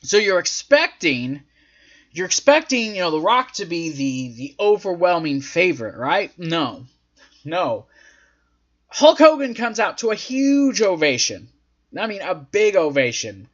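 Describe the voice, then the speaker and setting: A man's voice: sits high, sing-song, measured pace, fairly bright tone. A man hosting a casual recap, rambling along with lots of fillers as he retells events. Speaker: host. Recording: dull lo-fi audio.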